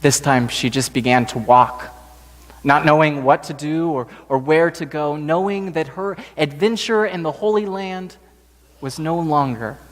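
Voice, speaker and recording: A male pastor slowly telling a story during a sermon in a church sanctuary. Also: fairly high pitch, long reverb tail. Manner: slow, gentle storytelling.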